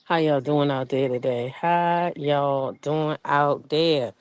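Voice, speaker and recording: A woman's voice: sits low, fairly even intonation, slow, a little mellow, smooth, low-quality recording. A woman hosting a casual live stream from her backyard, chatty and greeting viewers by name, a little stuffy from a cold. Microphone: phone on a selfie stick.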